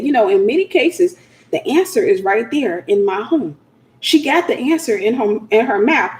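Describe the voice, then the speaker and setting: A woman's voice: fairly high pitch, reverberant. A woman hosting a Christian teaching talk, speaking informally and acting out the voices of the people she quotes. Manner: animated, acts out quoted voices.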